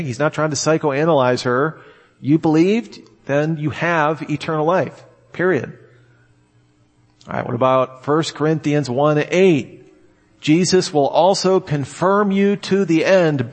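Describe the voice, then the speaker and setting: This is a Bible-teaching sermon from a man with a slightly high voice, recorded with a big-room sound. He reads each verse aloud before arguing his way through it.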